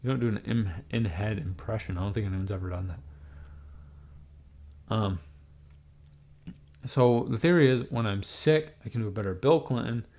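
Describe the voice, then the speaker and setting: Raspy, hoarse young man rambling on stream. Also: on the low side, moderate pace, pauses often, a little mellow. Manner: rambling and irreverent, trailing off with fillers. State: hoarse from being sick. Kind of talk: casual live-stream rambling. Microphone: webcam mic.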